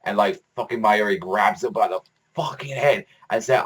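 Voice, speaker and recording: A man with a fairly low voice and a breathy edge gives a casual, rambling review of a manga chapter at a moderate pace. He swears often, fills his speech with "like," and sounds like an excitable fan.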